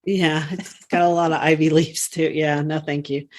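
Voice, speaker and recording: A woman's voice: sits low, little pitch movement, moderate pace, a little mellow. A woman co-hosting a podcast in casual chat, talkative and rambling, with frequent laughs and fillers. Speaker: podcast co-host.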